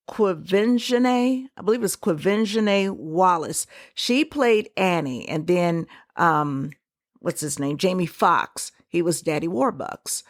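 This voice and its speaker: A woman hosting a solo podcast, giving her opinions in a conversational, emphatic way with quick asides. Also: fairly low pitch, no room sound, studio quality. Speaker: podcast host.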